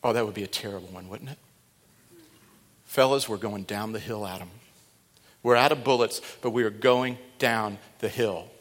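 A middle-aged man preaching in a large church sanctuary. He swings from hushed, intimate asides to loud, fervent calls, and the long reverb of a big hall trails every phrase. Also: on the low side, normal speed, long pauses. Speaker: pastor. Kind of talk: sermon.

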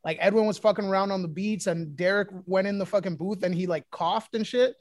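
A young man with a notably high voice talks as a rapper guest, excitable and teasing and full of swearing. The recording is close and dry. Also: fairly quick, dry recording. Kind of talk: casual chat.

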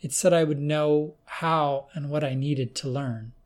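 A man reading an audiobook, voicing a shaken young woman student who speaks in a hesitant, halting way. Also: a little high, fairly even intonation, lightly acted.

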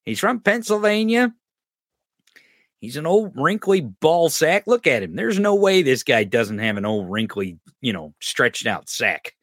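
Mocking potty-mouthed podcast dude, bright voice, swoopy pitch, swears nonstop. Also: male voice, big pitch swings, unhurried, dry recording, clean studio sound. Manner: crude, mocking, swears constantly, laughs at clips. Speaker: podcast host. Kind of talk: profane political commentary over clips.

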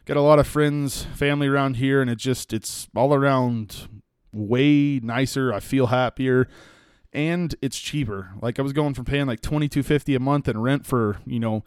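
A young Texan man rambles through a casual solo podcast in an easygoing, folksy way, with lots of "you know" and "like". His voice comes through smooth and clear on a close mic in a dry, dead room. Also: medium pitch, fairly even intonation, moderate pace, no echo. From West Texas. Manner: rambling, folksy storytelling with frequent fillers. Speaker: podcast host and hunting guide.

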